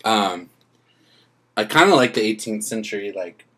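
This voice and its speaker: Man co-host, husky, lively pitch, heckles and laughs a lot. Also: normal speed. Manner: teasing, laughs a lot, says "like" and "dude". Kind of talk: casual banter.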